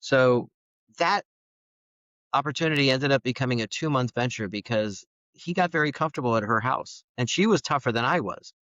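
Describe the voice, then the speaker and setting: A middle-aged man, a guest on a podcast, telling his personal story in an animated way and acting out the dialogue. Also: medium pitch, normal speed, dry recording. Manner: animated, acts out quoted dialogue. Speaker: podcast guest, foster parent. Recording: dull, dry studio sound.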